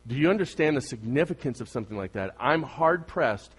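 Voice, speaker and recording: A man preaching a sermon as pastor, asking his congregation questions and swinging from loud emphasis to soft, quiet asides. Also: medium pitch, expressive, brisk, husky.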